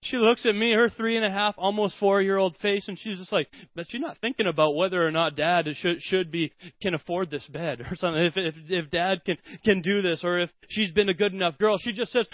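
Pastor guy w a high voice telling sermon stories, acts out his kids, kinda muffled dry sound. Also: brisk, few pauses, no echo. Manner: animated storytelling, acts out his kids' voices. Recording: dull, slightly lo-fi dry sound.

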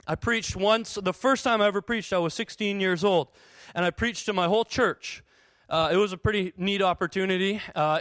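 A man's voice: high-pitched, a bit bright, dry recording. A young man preaching a sermon as pastor, telling self-deprecating stories, acting out his inner voices, often restarting his sentences. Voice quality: many restarts and stumbles.

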